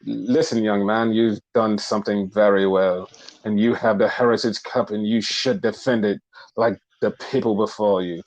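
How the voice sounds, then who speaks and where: A man's voice: fairly low pitch, fairly even intonation, moderate pace, a little mellow, no room sound, pitched below the performer's own voice, natural voice, rough recording. A man voicing a stern older wrestler father with a put-on British accent, solemn and lecturing.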